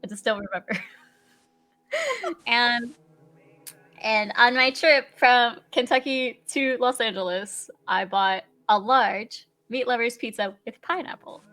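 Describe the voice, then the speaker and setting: A young woman guest chatting casually on a live stream, telling animated stories and voicing little asides. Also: on the high side, a little slow. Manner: chatty, animated storytelling with laughs and voiced asides. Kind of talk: casual chat.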